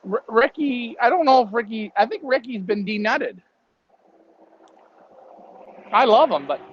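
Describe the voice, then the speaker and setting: A man's voice: extremely high pitch, slight background noise. A man co-hosting a casual live stream, rambling and joking and laughing often. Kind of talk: casual chat. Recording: dry, dull lo-fi stream audio.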